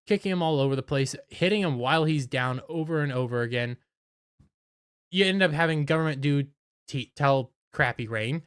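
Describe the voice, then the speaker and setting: A man's voice: a little high, moderate pace, clean tone, no room sound, studio quality. A man giving a casual, enthusiastic episode recap as an anime reviewer, often stumbling over his words.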